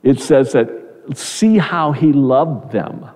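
A man's voice: medium pitch, lively intonation, slow, mellow, long reverb tail. A man preaching a sermon in an earnest, conversational way, often repeating words as he goes.

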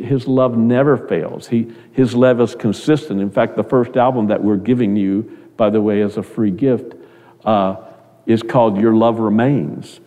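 Middle-aged male pastor, earnest sermon delivery, mellow tone, reverberant hall sound. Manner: earnest, repeats words, rises in pitch when quoting others.

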